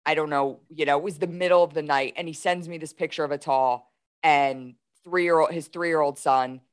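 Lower-voiced woman in her forties. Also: moderate pace, clear, resonant tone. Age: 40s. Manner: animated, retells events with quoted dialogue. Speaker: guest. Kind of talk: casual storytelling.

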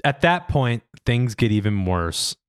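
A man's voice: medium pitch, big pitch swings, unhurried, smooth. A man hosting a casual podcast chat, joking around and laughing often. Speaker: podcast host.

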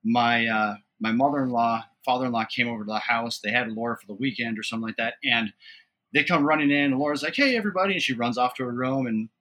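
Dad in his 30s telling funny family stories, bright clear voice, gets loud and laughy. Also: medium pitch, little pitch movement, fast. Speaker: guest, father and trainer. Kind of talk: casual storytelling.

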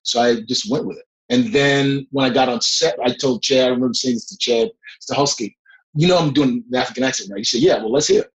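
A middle-aged man speaks at an ordinary pitch, recounting his work as an actor in a relaxed interview. He tells his stories with animation and laughs between them. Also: a little fast, poor audio. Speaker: actor, guest. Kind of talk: casual interview storytelling.

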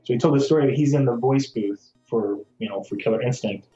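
A man's voice: medium pitch, a little fast, dark tone. Casual podcast guest, man from Michigan, rambling storyteller, roomy and muffled recording. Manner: storytelling with many fillers. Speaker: speedrunner guest. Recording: echoey, dull sound with faint music.

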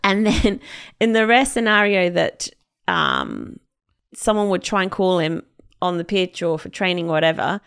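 A woman's voice: fairly low pitch, moderate pace, vocal fry, smooth. A woman co-hosting a podcast, retelling a story in casual chat and acting out the quotes with lots of laughter. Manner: animated storyteller, acts out quotes, laughs often. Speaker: podcast co-host.

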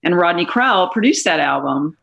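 Woman filmmaker, low-ish voice, animated storyteller, interview guest. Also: fairly quick, gravelly, crowd noise. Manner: animated anecdotal storytelling, laughs often. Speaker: documentary filmmaker.

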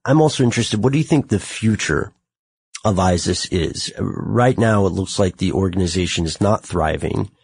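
American male podcast host, very low husky voice, thoughtful, self-mocking. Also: a little mellow, dry recording. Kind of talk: podcast conversation.

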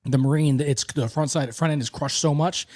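A man's voice: on the high side, normal speed, a little mellow. A man in casual podcast talk, telling an emotional story in a rambling way with many restarts.

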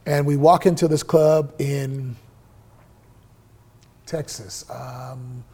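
Gravelly middle-aged man telling stories. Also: medium pitch, very slow. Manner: profane, animated storyteller who acts out quoted dialogue. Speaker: interview guest, musician. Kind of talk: casual storytelling interview.

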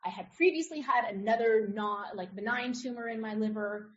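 A middle-aged woman with a somewhat high voice tells a personal story as a podcast guest. She talks casually and animatedly and mimics the people she describes. The audio sounds a little dull and lo-fi. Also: moderate pace. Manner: animated, acts out others' voices in her story.

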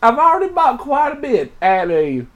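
A man playing a fawning, flattering middle-aged man in an improvised role-play, using a put-on, unplaceable accent. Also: extremely high pitch, moderate pace, dull audio, pitched above the performer's own voice, exaggerated voice. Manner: flattering, gushing.

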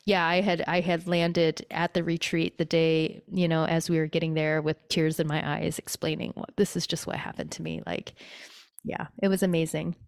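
A woman with a fairly low, clear and smooth voice chats as a guest in an effusive way and laughs often. Her voice is recorded close, dry and clean. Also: level tone, normal speed, dry recording. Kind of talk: casual chat.

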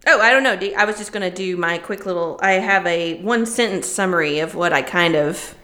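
A woman's voice: lowish voice, a little fast, pushed and bright. A woman co-hosting a podcast over a remote call, chatting casually and laughing often between phrases. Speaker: podcast co-host. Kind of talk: casual chat.

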